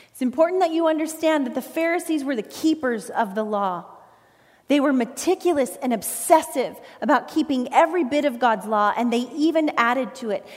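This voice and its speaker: A woman pastor preaches a sermon in an earnest, emphatic way, leaning on pauses. Her voice sits a little high. It rings out with a long reverb, recorded in a church sanctuary. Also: a little mellow.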